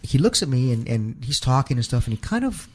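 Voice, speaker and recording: A man's voice: mid-range voice, big pitch swings, fairly quick, darkish tone, a little hiss or hum. A man, a professional wrestler, telling a long story in a casual interview, rambling and acting out the voices of the people he quotes.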